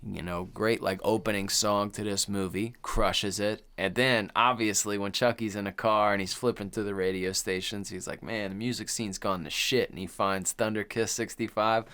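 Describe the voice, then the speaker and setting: A man's voice: on the low side, steady tone, moderate pace, hardly any pauses, a bit bright. A young adult man co-hosting a podcast in casual chat, laughing a lot as he retells scenes and quotes lines. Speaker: podcast co-host.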